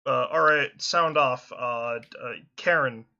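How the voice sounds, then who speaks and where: A man's voice: mid-range voice, vocal fry, bright, forceful tone, highs cut off. A man running a tabletop game as game master over voice chat, talking casually with many fillers and restarts. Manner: casual, quick, halting with fillers.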